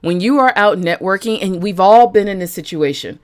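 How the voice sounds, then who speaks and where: A woman's voice: medium pitch, fairly quick. A woman business coach talking directly to live-stream viewers, chatty and frank, greeting people by name as she goes.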